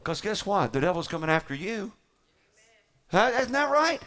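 High-voiced man preaching with emphatic pauses. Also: very animated, fairly bright tone. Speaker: pastor. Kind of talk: sermon.

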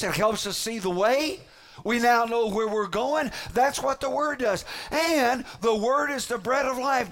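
A man with a notably high voice delivers a sermon to his congregation. He preaches emphatically, leaning on dramatic pauses and repeated phrases to drive each point home. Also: a bit bright. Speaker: pastor.

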